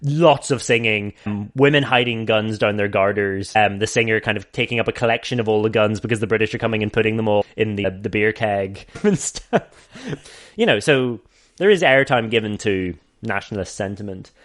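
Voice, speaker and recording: A man with a fairly low voice talks through an old film on a podcast. His talk is loose and rambling, peppered with swearing and frequent laughter. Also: moderate pace, a bit bright. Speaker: podcast host. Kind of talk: casual podcast chat explaining a film.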